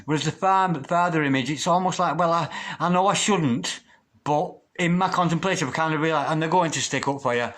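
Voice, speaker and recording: Soft-spoken man reading tarot. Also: a little fast. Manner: gentle, gushing, repeats invocations in a lowered chant. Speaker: tarot reader.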